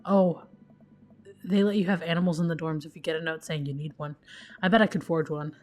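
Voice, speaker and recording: A woman voicing an excited young adult daughter in a dating game, talking fast and bubbly. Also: sits low, soft background music, natural voice.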